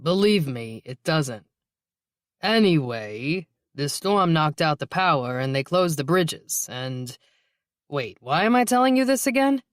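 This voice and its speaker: A man's voice: fairly high pitch, lively intonation, measured pace, no room sound. A man voicing a teasing, easygoing male police detective partner in an audiobook, with dry humor.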